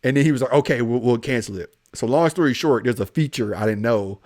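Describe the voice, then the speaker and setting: A man's voice: medium pitch, fast, a little mellow. A young adult man, a police officer, telling a story in a casual podcast chat and acting out both sides of each exchange.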